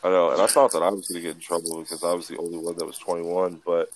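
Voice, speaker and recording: A man's voice: low voice, level tone, very fast, slight background noise. A man in his twenties, a podcast co-host, telling a rambling, swear-filled story in casual chat.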